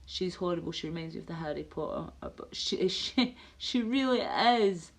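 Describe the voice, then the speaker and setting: A woman's voice: fairly low pitch, lively intonation, normal speed, creaky. A woman chatting casually on a live stream, rambling and ranting while answering viewers by name.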